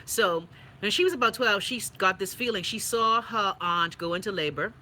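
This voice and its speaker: Blunt, bright-voiced Bahamian woman. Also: medium pitch, normal speed, slight background noise, poor audio. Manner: blunt, profane, animated storytelling. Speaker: host. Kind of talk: casual live-stream chat reading comments.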